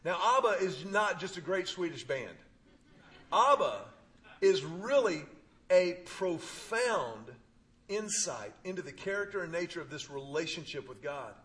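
A man preaching, telling a personal story with humor and emphatic pauses. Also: fairly high pitch, big pitch swings, fairly bright tone. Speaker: pastor. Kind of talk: sermon.

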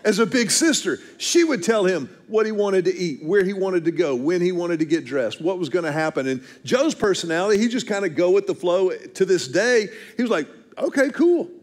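A man in his fifties preaching a sermon, telling family stories and slowing down hard to stress key phrases. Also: high-pitched, lively intonation. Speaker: pastor.

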